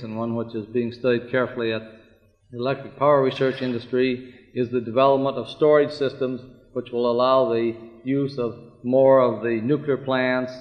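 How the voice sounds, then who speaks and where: A man delivers a formal, deliberate conference talk in a mid-range voice. The archive recording is dull and muffled, with a long hall reverb around him. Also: medium pitch. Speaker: conference speaker.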